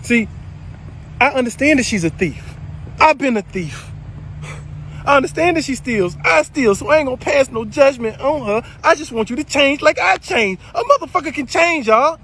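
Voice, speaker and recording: Guy with a high voice ranting a story to his viewers, all over the place pitchwise, faint traffic behind. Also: normal speed. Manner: animated, swings between loud and low, swears freely. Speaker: spiritual video creator.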